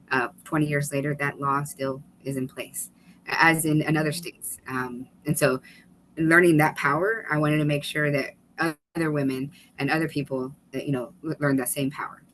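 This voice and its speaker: Woman telling a story with lively energy. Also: low voice, a little hiss or hum, rough recording. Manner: animated, fast-paced storytelling with laughs and restarts. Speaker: guest, author and former state legislator. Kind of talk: storytelling in a webinar interview.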